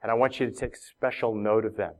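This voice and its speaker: A man's voice: fairly low pitch, fairly even intonation, brisk. A man preaching a sermon, reading scripture and then talking to the congregation in a conversational way, often repeating words and asking the room questions.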